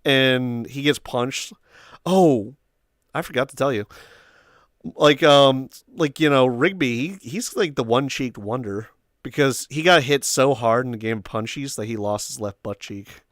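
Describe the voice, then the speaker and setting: A young man hosting a casual chat with friends, telling stories with animated quoting and loud shrieked impressions. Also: mid-range voice, measured pace, no room sound, clean studio sound. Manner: animated storytelling, acts out quotes in squeals and shrieks. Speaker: host.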